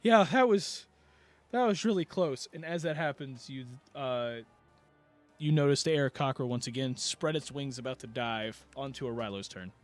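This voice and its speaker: A man's voice: mid-range voice, lively intonation, normal speed, faint music behind. A man narrating a tabletop game as game master, rambling through the scene with many fillers and restarts.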